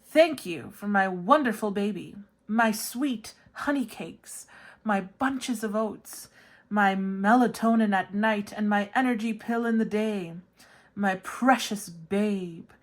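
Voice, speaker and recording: A woman tarot reader delivering a playful love letter, joking in a sing-song way and turning soft and earnest in the serious parts. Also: mid-range voice, slow. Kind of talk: channeled love letter reading.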